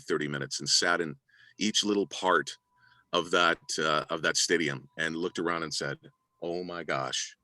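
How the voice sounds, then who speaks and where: A man's voice: low-pitched, sharp tone, no echo. A middle-aged man, an arena announcer and voice-over actor, answering interview questions in a humble, grateful way with frequent restarts. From Canada. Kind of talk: interview guest, reflective storytelling.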